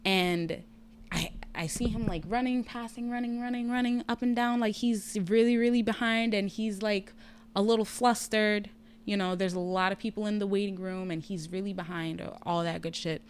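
A woman's voice: medium pitch, normal speed, slight background noise. A woman telling a personal story in casual chat, candid and profane. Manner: candid, profane, lively retelling.

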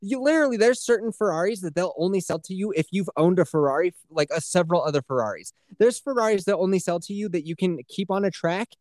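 A man co-hosting a casual podcast, talking in a profane, animated way and laughing often. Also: sits high, quick pace, hardly any pauses, no echo, clean studio sound. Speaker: podcast co-host.

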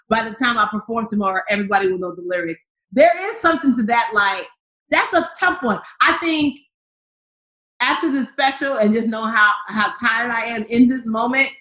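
A woman comedian, a guest in an interview, talking in a lively, animated way and acting out quotes in high voices. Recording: roomy echo.

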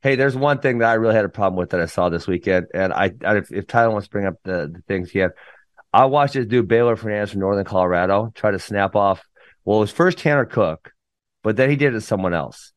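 A man's voice: fairly low pitch, expressive, quick pace, no echo. A man co-hosting a podcast, a wrestling coach, speaking casually and bluntly about things that annoy him. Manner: blunt, opinionated rant. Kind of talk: casual chat.

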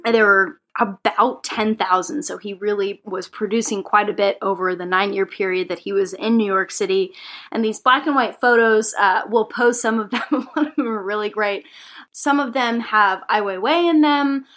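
A woman co-hosting a casual podcast, chatty and quick to giggle, presenting from her notes. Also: medium pitch, fairly even intonation, fairly bright tone. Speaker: podcast co-host.

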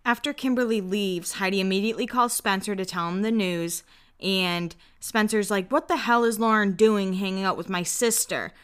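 A woman's voice: mid-range voice, normal speed, clear, resonant tone. A young woman recapping a reality show in a chatty way, laughing often and acting out quotes. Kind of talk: casual chat recap.

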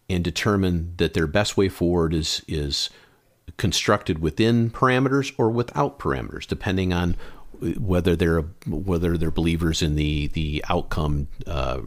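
A man in a casual debate, talking with animated emphasis and rising to forceful outbursts. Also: low-pitched.

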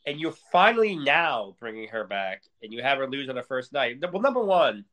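A man's voice: medium pitch, big pitch swings, moderate pace, fairly bright tone. Heated, profane man ranting. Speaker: podcast co-host. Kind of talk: casual profane rant.

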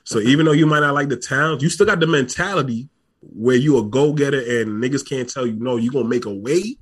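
A man's voice: mid-range voice, brisk, husky. A man with a New York accent, co-hosting a podcast in casual chat, brash and swearing as he talks over the others. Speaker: podcast co-host.

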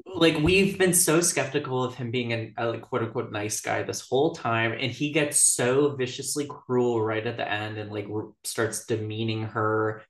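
A woman's voice: rumbling low, normal speed. A woman co-hosting a podcast in casual chat, talking loosely and filling her sentences with "like". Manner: chatty, leans on "like" as a filler. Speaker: podcast co-host. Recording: echoey room.

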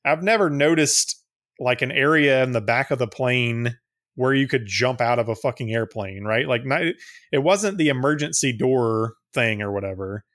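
A podcast co-host chats casually, rambling, swearing and laughing often. His medium-pitched voice is a bit bright and moves at a moderate pace.

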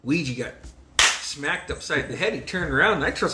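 A man's voice: fairly high pitch, animated, fairly quick, noisy background. A man who grew up on a reservation, casually telling profane childhood stories, laughing and acting out the quotes. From United States, grew up on a reservation. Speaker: guest storyteller. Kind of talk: casual storytelling chat.

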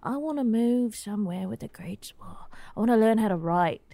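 A woman's voice: mid-range voice, normal speed, no room sound, close to an everyday voice. A woman voicing an earnest, emotional young Australian college student in improvised comedy, rambling and stumbling over words. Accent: put-on Australian, hard to follow. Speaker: podcast guest.

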